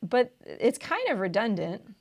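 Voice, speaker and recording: A woman's voice: a little high, very animated, measured pace. A woman tutor walking through test questions on video, thinking aloud and often checking in with "right?".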